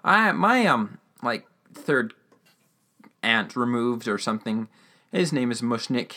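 A man voicing a flustered, indignant grown man who stammers and then loudly protests, retelling a radio-drama scene. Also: medium pitch, animated, slow.

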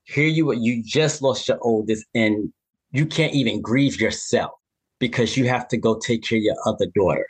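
A man's voice: mid-range voice, normal speed, husky, poor audio. A man hosting an interview, a sympathetic listener who affirms his guest. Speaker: interview host. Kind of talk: conversational interview.

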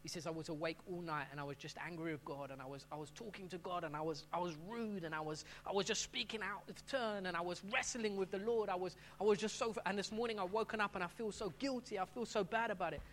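A man's voice: high voice, fast, few pauses, fairly bright tone, a little hiss or hum. A middle-aged man preaching a sermon as pastor, talking in a conversational way and often restarting his phrases.

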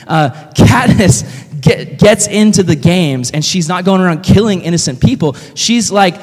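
A young man preaching a casual youth sermon, telling stories in an animated way and saying "like" a lot. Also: high voice, moderate pace. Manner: animated storytelling, heavy use of "like". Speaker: youth pastor. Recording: long reverb of a hall.

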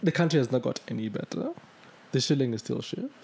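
A man's voice: mid-range voice, lively intonation, vocal fry, a little mellow. A young man co-hosting a podcast in casual chat, chuckling and restarting his sentences. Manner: chuckles while talking, halting restarts. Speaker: podcast co-host.

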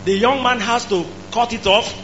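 Male preacher, high-pitched and emphatic; muffled lo-fi recording. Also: fairly even intonation, moderate pace. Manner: emphatic, rising to shouts. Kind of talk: sermon. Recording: dull lo-fi recording with faint hum.

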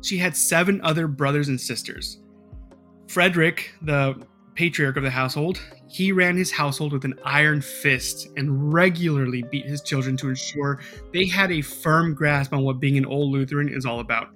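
Podcast host guy, kinda high voice, rambly and sweary, lots of ums, faint music under it. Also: normal speed, sharp tone. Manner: rambling, filler-heavy, profane storytelling. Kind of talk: casual podcast chat.

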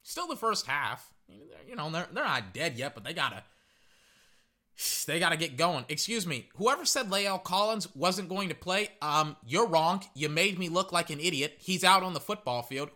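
Brief: man, fan commentator, high lively voice, sharp bright tone, rambling live game reactions. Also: normal speed. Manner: excitable, rambling, repeats words.

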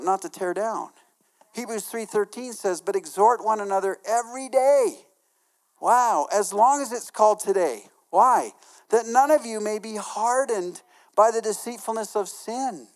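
A middle-aged man, a pastor, preaching a lively sermon. He acts out quotes with laughs and drops to a soft, low voice for personal stories.

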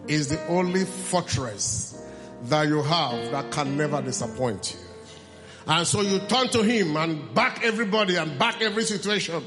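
A man's voice: high voice, a bit bright. A man preaching a sermon with an impassioned, pleading delivery. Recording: long hall reverb with faint music.

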